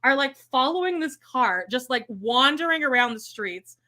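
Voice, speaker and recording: A young woman telling a story in casual chat, animated and swearing freely, acting out what people said. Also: high voice, normal speed. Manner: animated, swears a lot, acts out quotes with shrieks.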